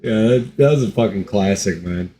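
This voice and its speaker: A man's voice: fairly low pitch, moderate pace, warm tone, slight background noise. A man chatting casually on a stream as co-host, laid-back and swearing now and then. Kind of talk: casual chat.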